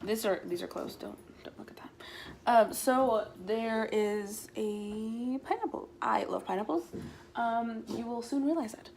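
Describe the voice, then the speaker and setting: A woman's voice: on the high side, measured pace, vocal fry, a little mellow, a little hiss or hum. Teen girl on a phone, rambly and a bit self-conscious, bedroom vlog. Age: teens. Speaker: vlogger. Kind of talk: casual chat. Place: her bedroom, indoors. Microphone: handheld phone.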